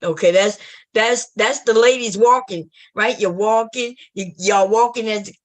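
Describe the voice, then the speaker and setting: A woman streaming late at night, telling a profane comic story and acting out scenes, often loud and animated, into a computer mic. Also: medium pitch, measured pace, music in the background. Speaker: comedy streamer.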